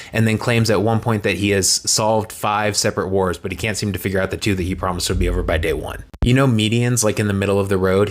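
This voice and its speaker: A man recapping political news with sarcastic, deadpan asides. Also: on the low side. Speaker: political commentary creator.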